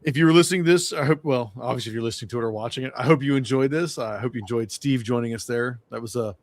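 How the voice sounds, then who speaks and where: Man, podcast host, casual chat, laid-back, laughs a lot, mid pitch, dry close sound. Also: very fast, no room sound.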